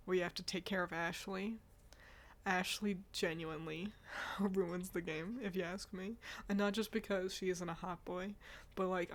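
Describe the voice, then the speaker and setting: A woman streaming casual chat about games, talking loosely with swearing, sighs and laughs, a bit stuffy and yawning. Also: lowish voice. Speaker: streamer reacting to game awards.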